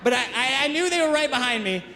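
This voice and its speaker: A man's voice: very high voice, expressive, fast talker, pushed and bright. A man doing stand-up comedy, teasing the crowd in a conversational way, on stage. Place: live comedy venue. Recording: live stage with hall reverb and audience noise.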